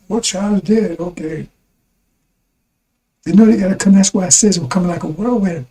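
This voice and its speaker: A man with a high-pitched but dark, mellow voice delivers a rambling broadcast sermon. He talks emphatically, stumbling over and repeating words as he presses his point to his listeners. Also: moderate pace, pauses often, low-quality recording. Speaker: preacher.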